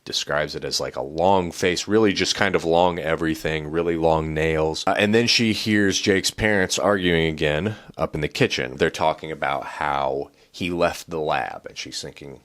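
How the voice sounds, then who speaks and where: A man's voice: extremely low pitch, moderate pace, few pauses, a bit bright. A man retelling a novel's plot in a casual book review. He talks in a loose, chatty way, with a lot of "like" and some swearing.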